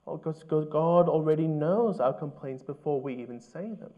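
A man preaching a sermon as pastor, earnest and measured, asking his listeners questions. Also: on the high side, phone-quality sound.

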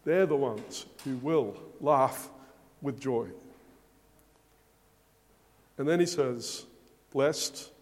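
A man's voice: mid-range voice, very slow, long pauses, darkish tone. A man preaching a sermon, speaking emphatically and asking rhetorical questions. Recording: long hall reverb.

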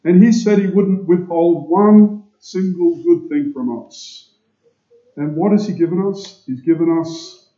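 Slow, dark-voiced man preaching a sermon. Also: a little high. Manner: slow, emphatic, rhetorical questions to the congregation. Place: church. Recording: echoey, dull church recording.

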